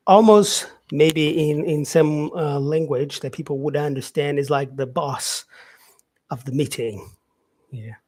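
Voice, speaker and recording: A man teaching English vocabulary on a live stream, explaining slowly and filling pauses with "yeah" and "um". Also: fairly high pitch, darkish tone. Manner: explains slowly, with many fillers and repeated "yeah". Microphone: facing camera, streaming live.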